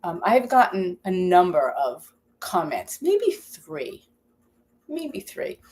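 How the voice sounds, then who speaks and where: A woman's voice: on the low side, sing-song, unhurried, a little mellow. A woman hosting a live cooking stream from her home kitchen, chatting casually, rambling and reading viewer comments aloud. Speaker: cooking channel host.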